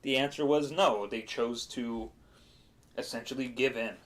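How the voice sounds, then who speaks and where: A man's voice: medium pitch, steady tone, unhurried, fairly bright tone. Rambling man recapping a game. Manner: rambling, with fillers and laughs. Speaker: game master. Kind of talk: casual chat stream.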